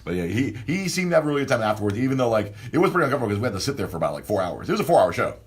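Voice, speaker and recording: A man hosting a casual podcast, telling a rambling, animated story full of restarts. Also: medium pitch, racing, breathy edge. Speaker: podcast host.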